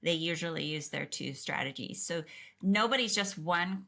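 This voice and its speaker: A middle-aged woman, a podcast co-host and clinician, talking in a lively, direct way and quick to clarify. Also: lowish voice, vocal fry. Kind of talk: casual explanatory chat.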